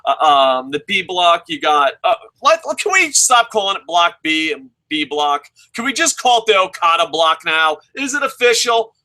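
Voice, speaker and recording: Excitable, very bright-voiced man. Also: sits high, normal speed, hardly any pauses, poor audio. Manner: excitable, swears a lot, stammers. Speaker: wrestling show reviewer. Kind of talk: casual profane commentary.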